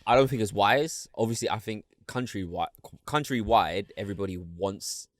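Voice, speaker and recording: Brief: young man, low voice, jokey slang-heavy podcast co-host, dry close sound. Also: normal speed, no echo. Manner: joking, lots of slang and restarts. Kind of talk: casual chat. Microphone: video call.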